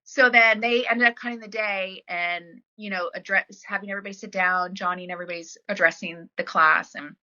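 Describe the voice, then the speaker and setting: A woman tells a long story in a relaxed interview, chatty and full of fillers, slipping into the voices of people she quotes. Her voice is bright and sharp at a mid pitch. The recording sounds dull and lo-fi. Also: brisk, hardly any pauses. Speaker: podcast guest, former wrestler.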